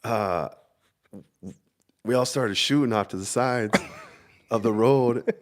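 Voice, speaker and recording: A man's voice: mid-range voice, slow. A man in his thirties from the Midwest, chatting casually as a podcast co-host and telling army stories with frequent laughter. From Minnesota. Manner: laid-back storyteller, laughs often. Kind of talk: casual chat.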